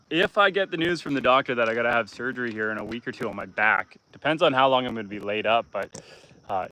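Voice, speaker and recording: A man's voice: mid-range voice, pushed and bright. A man hosting a live stream from his homestead, chatting casually, talking to his goats and reading out viewer comments. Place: outdoors on a homestead among goats.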